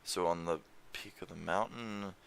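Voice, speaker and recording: A young man talks loosely at home, rambling from one thought to the next and swearing offhandedly. His voice sits very low with a gravelly fry, yet it carries a bright, forward edge. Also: measured pace, a little hiss or hum. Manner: rambling, swears casually, reads foreign lyrics aloud. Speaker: language-learning vlogger. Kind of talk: casual screen-share chat. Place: home room.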